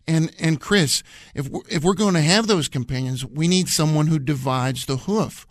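A man's voice: on the high side, moderate pace, no echo. A man co-hosting a radio Bible study, talking earnestly and repeating phrases to drive his points home. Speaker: radio program co-host and Bible teacher.

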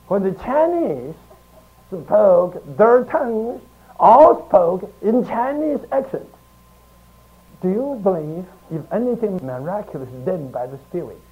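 Slow, emphatic preacher on a tinny recording. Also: male voice, high-pitched. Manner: slow, emphatic teaching with long pauses. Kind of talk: archival sermon. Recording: tinny phone-like archive recording.

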